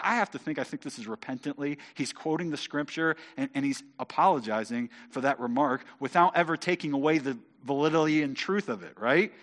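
A man reading scripture aloud and explaining it in a lively, conversational way, often stammering and repeating words as he goes. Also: a little high. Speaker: Bible teacher.

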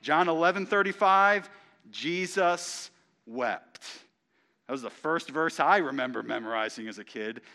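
A man's voice: on the high side, fairly quick, hardly any pauses, bright, forceful tone. A male pastor delivering a sermon, reading passages aloud and stopping to comment on them. His voice rises for emphasis and drops again. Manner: reads scripture aloud and comments on it, rising with emphasis.

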